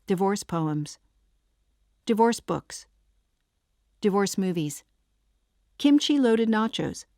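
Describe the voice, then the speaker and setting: A woman narrating a first-person audiobook with a wry, deadpan comic delivery. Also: medium pitch, takes it slowly, no echo, clean studio sound.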